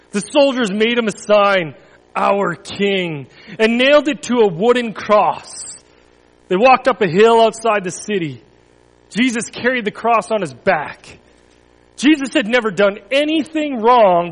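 A man, a pastor, reading a children's story to the congregation and then giving church announcements with expressive, dramatic pacing. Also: high voice. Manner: expressive storytelling, dramatic pauses, drops to near whisper. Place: church hall. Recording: long hall reverb.

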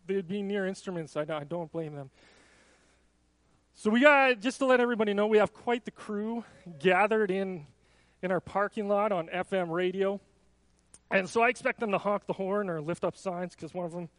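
A man's voice: high voice, normal speed, fairly bright tone, dry recording. A male pastor leading a baby dedication in a casual, chatty way with frequent restarts. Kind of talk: church service announcements and baby dedication.

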